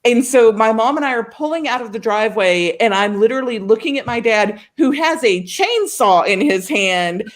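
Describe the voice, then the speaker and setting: A woman from Oklahoma co-hosting a show, telling a story in casual chat with an animated, laughing manner. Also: fairly high pitch, moderate pace, hardly any pauses. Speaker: co-host of a writing show.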